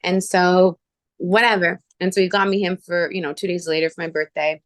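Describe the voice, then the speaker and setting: Canadian woman hosting a chat, lower voice, tells stories all animated, does the voices when she quotes people. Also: fast, no room sound, studio quality. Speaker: show host. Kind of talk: casual chat.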